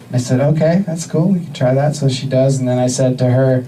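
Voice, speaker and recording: A man in his thirties from the US Northwest performs a stand-up comedy set with a deadpan, halting delivery padded with fillers. His voice is mellow and dark, picked up from some distance on a club stage mic. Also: mid-range voice, a little hiss or hum. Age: 30s.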